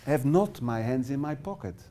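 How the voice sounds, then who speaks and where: A man's voice: mid-range voice, expressive, normal speed, background noise. A middle-aged Dutch man, a non-native English speaker with a Dutch accent, giving a live workshop presentation in a small classroom, with many fillers and restarts as he addresses participants by name. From Netherlands. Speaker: workshop trainer.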